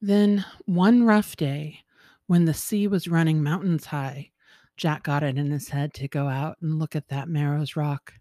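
A woman host telling a folktale in a lively, expressive reading voice, with occasional chuckles. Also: sits low, a little slow, no echo, clean studio sound. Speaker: storyteller.

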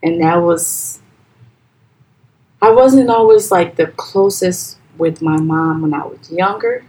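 Young woman, Liberian accent, low voice, soft and halting, personal storytelling. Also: poor audio. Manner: soft, halting and hesitant, with quoted voices raised high and loud. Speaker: guest. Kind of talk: personal storytelling in a podcast interview.

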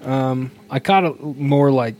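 A man's voice: medium pitch, slow, a little mellow, a little hiss or hum. A man co-hosting a podcast in casual chat, upbeat and chatty, often laughing as he talks. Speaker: podcast co-host.

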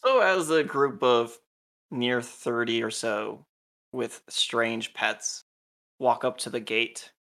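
A man's voice: mid-range voice, slow, creaky, fairly bright tone. A man acting as game master of a tabletop role-playing game, patiently explaining rules to a new player.

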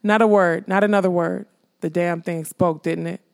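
A woman's voice: lowish voice, normal speed, gravelly. A woman reading an audiobook, voicing a frustrated, urgent male magician. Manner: urgent, exasperated.

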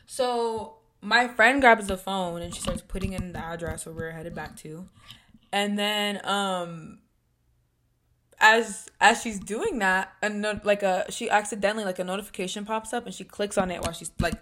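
A woman's voice: medium pitch, fairly even intonation, normal speed, bright, forceful tone, slight background noise. A young woman, telling a dramatic story with lots of swearing in casual podcast chat. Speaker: podcast co-host.

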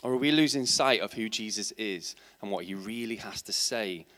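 A man's voice: on the low side, moderate pace, fairly bright tone. A man preaching a sermon in church, asking his congregation rhetorical questions and building to emphatic, passionate points. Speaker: teacher.

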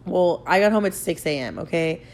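A woman's voice: fairly low pitch, fairly quick, darkish tone, slight background noise. A young woman podcast host casually telling a profane, rambling story, filling her talk with "like". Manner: profane, rambling, heavy use of "like".

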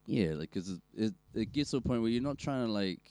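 A man's voice: lowish voice, lively intonation, fairly quick, a little mellow, no room sound. A man with a New Zealand accent on a podcast, chatting casually in a rambling, sweary way. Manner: rambling, sweary, trails off and restarts. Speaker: podcast co-host. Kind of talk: casual chat.

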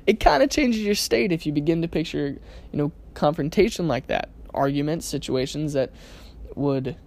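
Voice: medium pitch, animated, normal speed, gravelly, darkish tone. Chatty self-help podcast host. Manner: conversational, keeps asking "right?". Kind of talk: casual self-help monologue.

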